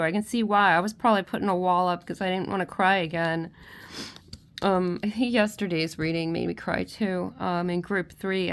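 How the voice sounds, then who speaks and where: A woman giving a spiritual tarot reading to her viewers. She is tearful and emotional, and she speaks gently with many restarts and soft check-ins. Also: on the low side. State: tearful, crying at times. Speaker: tarot reader.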